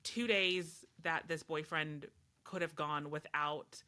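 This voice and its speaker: A woman's voice: sits low, fairly even intonation, slow pace, bright, forceful tone. A woman co-hosting a podcast, chatting casually and telling stories bluntly, getting fired up as she talks. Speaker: podcast co-host. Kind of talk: casual chat.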